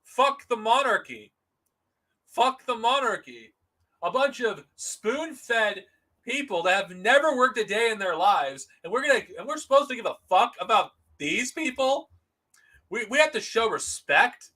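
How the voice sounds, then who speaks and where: A man's voice: very high voice, sing-song, measured pace, bright, forceful tone. A man streaming alone, ranting with heavy profanity and stumbling over his words as he repeats himself. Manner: profane angry ranting with stammered restarts. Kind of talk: solo live-stream rant.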